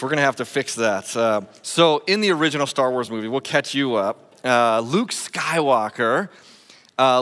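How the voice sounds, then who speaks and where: Joking pastor in an echoey hall. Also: male voice, medium pitch, fairly bright tone. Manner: conversational and joking, with frequent uh fillers. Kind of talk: sermon. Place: church sanctuary.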